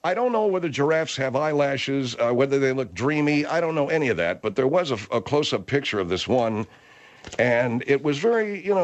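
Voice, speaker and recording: Host, male, lively pitch, rambling, repeats words, easily exasperated. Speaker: radio host. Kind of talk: comic talk radio.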